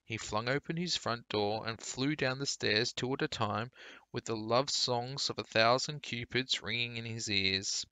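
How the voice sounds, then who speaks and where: Man, teacher, storybook read-aloud, clear and steady, bright voice, dry sound. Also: medium pitch, a little slow, no room sound.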